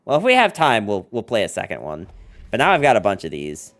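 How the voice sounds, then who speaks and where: Soft music plays behind a man livestreaming a card game, his low-ish, slightly bright voice swinging hugely in pitch as he talks a little fast. His casual chat with viewers rambles, heavy on "like" and "um," with joking asides.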